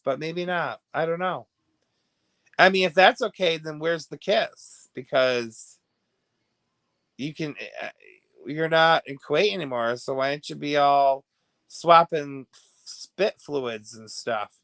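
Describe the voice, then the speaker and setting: A chatty American man hosts a casual home livestream. He gossips, answers viewers and laughs easily, with a voice pitched a little high for a man. The sound is close and dry, with no room echo. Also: a little slow. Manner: chatty, gossipy, laughs often, swings from hushed to loud. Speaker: livestream host. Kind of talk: casual chat reacting to viewer comments.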